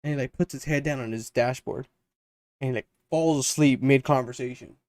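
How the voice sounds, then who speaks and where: A man's voice: medium pitch, fairly quick, a little mellow, no room sound. A young man co-hosting a podcast, telling a long story in a rambling casual way and acting out his friends' lines. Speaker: podcast co-host.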